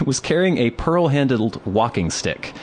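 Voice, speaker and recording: A man co-hosting a casual podcast, spinning anecdotes with a lively, swooping delivery. His voice sits in an ordinary middle pitch, and he slips into other people's voices as he tells a story. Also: unhurried, a little hiss or hum. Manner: animated anecdotes, acting out voices. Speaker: podcast co-host.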